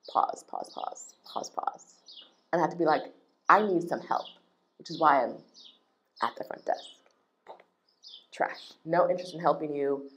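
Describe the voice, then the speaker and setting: A woman with a low-pitched voice rants in a vlog, indignant and emphatic. She repeats her points for effect and keeps the energy of a heated complaint. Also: slight background noise. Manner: animated, indignant, emphatic repetition. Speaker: travel business owner. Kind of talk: ranting vlog.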